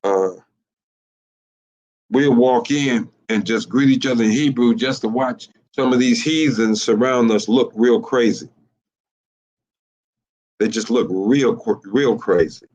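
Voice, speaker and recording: A man, teaching in a sermon style, halting and repeating himself, with many fillers and rhetorical questions. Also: mid-range voice, darkish tone. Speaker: teacher of a religious group. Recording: muffled lo-fi recording.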